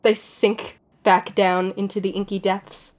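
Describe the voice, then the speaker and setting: A woman running a tabletop game, narrating scenes in a relaxed, loose way. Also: medium pitch, a little slow. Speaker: game master.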